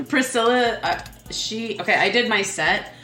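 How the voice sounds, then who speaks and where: A woman's voice: on the high side, a little slow, pushed and bright, faint music behind. A woman comedian chatting as a podcast guest in a playful, rambling way. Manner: playful, rambling, full of fillers. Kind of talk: casual chat. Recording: echoey room.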